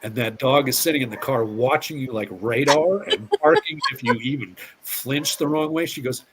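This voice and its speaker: A man's voice: medium pitch, normal speed, crowd noise. A middle-aged man, a police officer, telling stories as an interview guest, often repeating words and acting out quotes. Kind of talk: casual storytelling interview.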